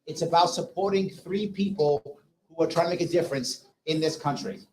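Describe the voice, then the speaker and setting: A man's voice: fairly high pitch, brisk, poor audio. A man running a fundraising auction at a political rally, coaxing bids with jokes. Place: brewery rally. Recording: lively crowd around.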